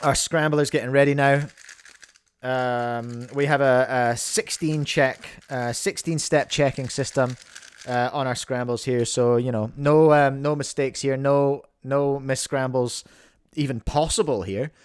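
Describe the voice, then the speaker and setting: A man's voice: medium pitch, steady tone, a little slow, smooth. A man with a New Zealand accent hosting a livestream, giving playful, rambling mock sports commentary and mocking himself. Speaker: host and commentator.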